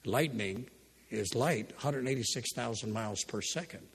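A man's voice: mid-range voice, normal speed, gravelly, breathy edge. An older man preaching a sermon, reading scripture and telling folksy, humorous stories from his life. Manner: folksy storytelling, humorous asides. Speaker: pastor. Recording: long hall reverb.

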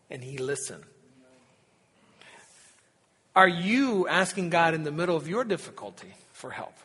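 Male pastor, high-pitched, earnest sermon delivery with emphatic swells; long reverb. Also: fairly bright tone, breathy edge.

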